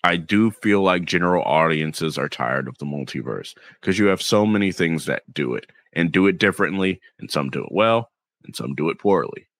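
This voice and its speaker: A man with a Southern US accent co-hosting a podcast, chatting casually and rambling as he dips into quick impressions. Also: deep voice, animated, fairly bright tone, no echo. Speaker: podcast co-host. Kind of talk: casual chat.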